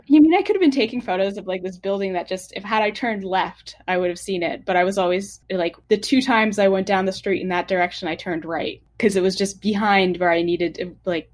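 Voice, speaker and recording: A woman from the United States talks as a guest on a casual podcast. Her voice sits a little low for a woman. She rambles along with many fillers and little laughs. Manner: rambling, full of "like" and soft laughs.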